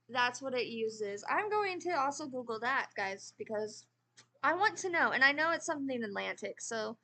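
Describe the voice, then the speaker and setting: A woman's voice: on the high side, pushed and bright, slight background noise. An American woman chatting casually as she reviews a book, rambling and correcting herself as she goes. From United States. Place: at a desk with a computer.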